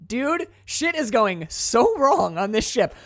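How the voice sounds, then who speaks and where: A man casually recapping a film in a profane, animated way, acting out its characters. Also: very high-pitched, slow pace, dry recording, clean studio sound. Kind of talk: casual movie recap chat.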